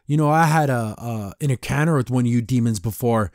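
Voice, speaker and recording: Young man, podcast host, casual recap, mid pitch, dry close sound, stammering restarts, quick impressions. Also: darkish tone, no room sound.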